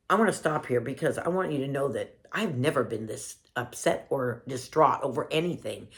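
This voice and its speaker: A woman vlogger with a low voice shares a personal story with her viewers, earnest and emotional, warmly calling them family.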